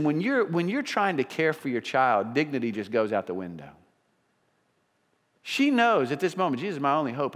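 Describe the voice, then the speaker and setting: A man preaching a sermon as pastor, earnest and emphatic, often restarting his sentences as he builds a point. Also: a little high. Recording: long reverb of a large hall.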